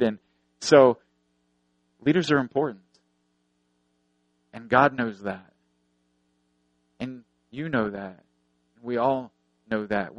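A man's voice: medium pitch, dry recording, rough recording. Earnest male preacher, dry close sound. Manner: earnest, repeats phrases for emphasis, tells anecdotes. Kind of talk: sermon.

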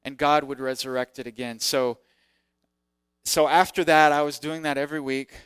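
A man's voice: mid-range voice, moderate pace, clear, resonant tone, no echo, clean studio sound. A man preaching in a self-deprecating storytelling way, acting out the voices in his story. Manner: animated, acts out quoted voices. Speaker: preacher sharing testimony. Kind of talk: sermon storytelling.

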